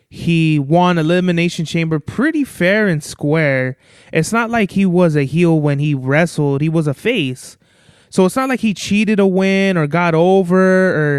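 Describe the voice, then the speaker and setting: A man's voice: fairly high pitch, clear, resonant tone, dry recording, clean studio sound. A young man hosting a podcast on his own, talking casually in a rambling, profane way. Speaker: podcast host. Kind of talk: casual solo podcast talk.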